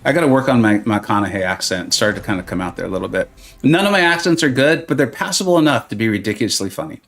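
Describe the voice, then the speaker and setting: A man's voice: lowish voice, animated, quick pace, fairly bright tone. A man hosting a gaming live stream and answering viewer questions in casual chat. He is playful and joking, drifts into silly tangents, and gives advice in a chatty, reassuring way.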